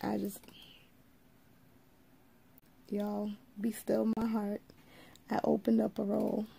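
A woman's voice: mid-range voice, monotone, vocal fry, warm tone, slightly rough. A woman hosting a casual live unboxing, chatting to viewers and greeting them by name. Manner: slow, drawn-out delivery with frequent asides. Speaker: livestream host.

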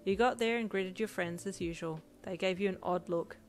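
A woman's voice: medium pitch, moderate pace, soft background music. Woman narrating a second-person story. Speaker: fanfiction reader.

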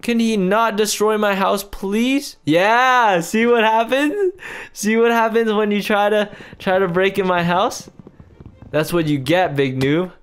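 A young man giving excited gameplay commentary as a YouTuber, talking to his viewers in exasperated, loud outbursts. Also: high-pitched, a little slow, smooth, faint music behind. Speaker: YouTuber playing a video game.

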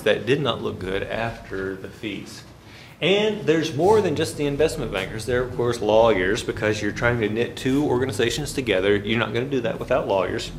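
A middle-aged man giving a classroom finance lecture in a lively, folksy storytelling manner, sometimes making sound effects. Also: medium pitch, vocal fry, slight background noise.

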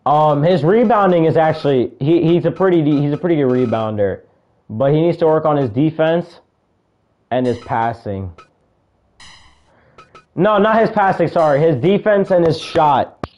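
A young man casually commentating a video game he is playing, calling moves with excitement, shouting at big moments and muttering asides to himself. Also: on the high side, moderate pace, lo-fi sound. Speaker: gaming video creator.

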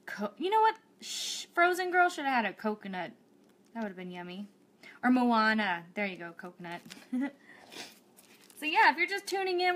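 A woman's voice: on the high side, a bit bright. A woman hosting a cake decorating tutorial livestream, bubbly and chatty, thinking aloud as she works.

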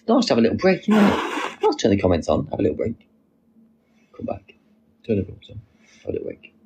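A man's voice: lowish voice, wildly swooping pitch, fast talker, creaky, darkish tone, highs cut off, slight background noise. A man chatting casually on a live stream, reading out viewers' comments and answering them. He sits outdoors on a wall and talks into a phone.

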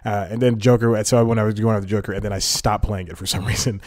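Male podcast host, lowish voice, chatty and self-interrupting, dry room. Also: fairly even intonation, fast, a little mellow, dry recording. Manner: rambling, self-interrupting, laughs often. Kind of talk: casual solo comedy chat. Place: home room, talking to a camera.

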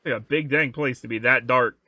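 A man's voice: medium pitch, a little fast, sharp tone, slight background noise. A man hosting a reaction video, commenting casually and jumping at scary moments. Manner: jumpy, exclaims and laughs, talks to the viewer casually.

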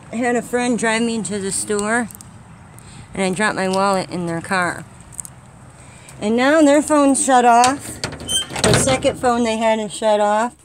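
A woman's voice: mid-range voice, slight background noise. A woman chatting casually outdoors on her vlog, coaxing squirrels and airing her frustrations. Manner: chatty, talks to animals, frustrated. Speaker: vlogger.

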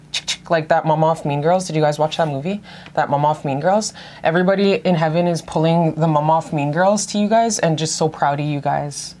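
Low-voiced, profane, gushing woman tarot reader. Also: darkish tone, slight background noise. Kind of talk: casual tarot reading to camera.

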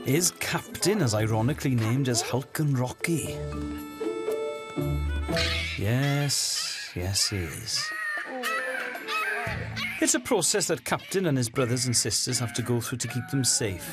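A woman giving scripted documentary narration in a lively, lightly wry way. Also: extremely low pitch, unhurried, long pauses, loud music behind the voice.

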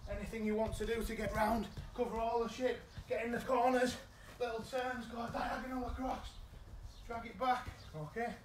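A man with a British accent coaching children's football in a live online session, giving energetic, encouraging instructions. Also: very high voice, normal speed, reverberant, background noise. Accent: British English. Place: indoors at home.

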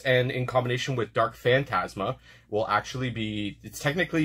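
With a mid-range, fairly bright voice that has a breathy edge, a man hosts a card-opening video, chatting casually and tripping over names as he goes.

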